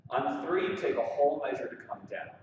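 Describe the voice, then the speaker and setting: A man's voice: fairly high pitch, fairly quick, noisy background. A man teaching waltz exercises, counting beats aloud as he dances and encouraging the viewers. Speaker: dance instructor. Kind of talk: follow-along dance drill instruction. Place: studio with large windows. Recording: echoey room, far from the mic, dull sound.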